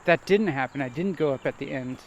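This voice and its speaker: A man vlogging as he walks a nature trail, thinking aloud in a halting, hesitant way and repeating words. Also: medium pitch, lo-fi sound. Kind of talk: rambling self-reflective monologue while walking. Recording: faint outdoor noise.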